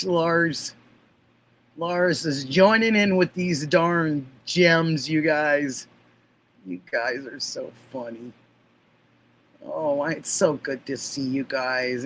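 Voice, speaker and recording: A woman hosting a livestream, chatting warmly with viewers and laughing often. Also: low-pitched, takes it slowly, pauses often, rough recording. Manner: gushing, affectionate, laughs often. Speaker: livestream host. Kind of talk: casual livestream chat.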